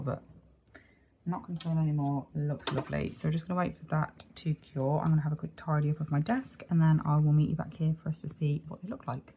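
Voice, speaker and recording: A woman's voice: low voice, steady tone, quick pace, vocal fry, dark tone, a little hiss or hum. A woman chatting casually as she talks through a nail art tutorial, rambling and correcting herself as she goes. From United Kingdom. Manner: chatty, self-interrupting, apologetic. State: hiccuping.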